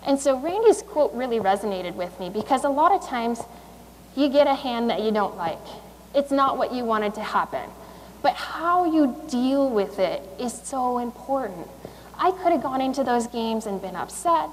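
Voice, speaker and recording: A woman in her thirties addresses a school audience with a motivational talk. Her voice sits a little high, and she speaks conversationally, with fillers and small restarts, over a faint hum of ambience. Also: very animated, normal speed, long reverb tail, rough recording. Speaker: guest speaker, Olympic speed skater. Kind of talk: motivational speech. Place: school assembly.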